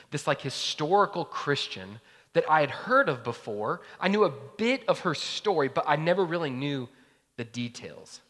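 A man's voice: a little high, pushed and bright, big-room sound. A man preaching a sermon as pastor in a casual, conversational way, full of fillers like "like" and "right?", recorded in a church.

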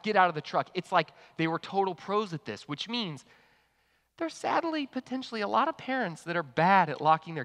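A fairly high-voiced man preaches a sermon in a big reverberant hall. He tells his story with a bright, forceful tone and moves between loud excited bursts and quiet asides. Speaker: pastor.

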